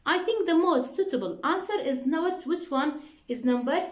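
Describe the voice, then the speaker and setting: A woman teaching an English workbook lesson with an Arabic accent, slowly repeating answers and prompting the class with questions. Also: high-pitched, animated, reverberant, poor audio. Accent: Arabic-speaking. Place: classroom with a board.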